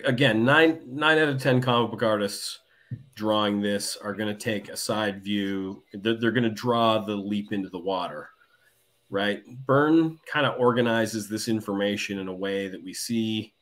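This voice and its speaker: A man's voice: fairly low pitch, a bit bright. A man appearing as a guest cartoonist in a casual comic book discussion, talking thoughtfully and analytically. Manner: thoughtful, analytical, with many restarts.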